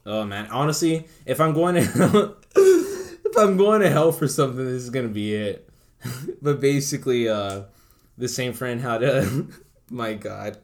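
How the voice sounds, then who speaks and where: A man's voice: medium pitch, sing-song, unhurried. A man in his thirties telling a story in a casual chat, swearing freely and laughing as he goes. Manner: profane, laughing through the story.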